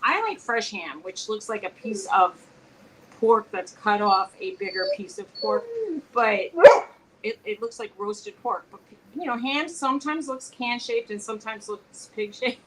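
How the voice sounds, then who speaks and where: A woman co-hosting a casual live-stream chat, telling stories with lively quoted dialogue. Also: a little high, a little slow, noisy background. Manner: chatty, animated storytelling with quoted dialogue. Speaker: co-host. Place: home.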